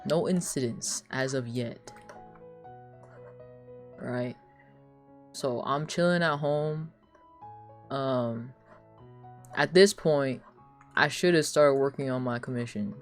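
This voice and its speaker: A young woman streamer telling casual stories, animated and laughing often, with lots of "like.". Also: rumbling low, takes it slowly, pauses often, faint music behind. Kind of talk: casual storytelling chat.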